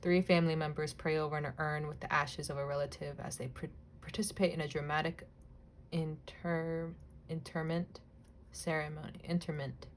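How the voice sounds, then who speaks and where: A young woman chatting casually while cutting images from a magazine, rambling, laughing often, swearing lightly and now and then dropping to a soft whisper. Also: deep voice, little pitch movement, normal speed, slight background noise. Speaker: crafting vlogger. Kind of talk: casual chatty crafting vlog.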